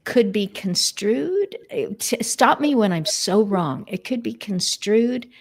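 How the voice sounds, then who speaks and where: A woman's voice: mid-range voice, lively intonation, a little slow. A woman hosting a live-streamed interview, rambling and searching for words, with many ums and restarts. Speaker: host.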